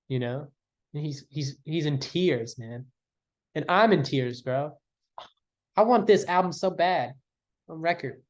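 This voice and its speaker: A young man ranking his favorite albums in casual chat, enthusiastic and rambling, slangy and full of fillers. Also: a little high.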